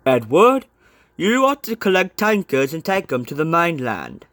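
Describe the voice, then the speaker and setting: A man's voice: on the high side, sing-song, measured pace, a bit bright, no room sound, heavily acted. A man voicing a fussy, formal railway boss handing out jobs in a homemade storybook reading. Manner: formal, announcing. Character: fussy middle-aged male railway boss.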